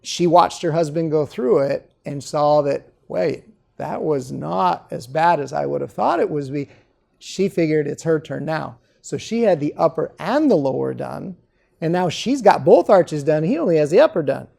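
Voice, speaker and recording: A dentist being interviewed, telling patient stories in a casual way and often checking in with "okay?". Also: male voice, on the high side, animated, moderate pace, gravelly, a little mellow. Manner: storytelling, keeps adding "okay?". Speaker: dentist guest. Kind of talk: conversational interview.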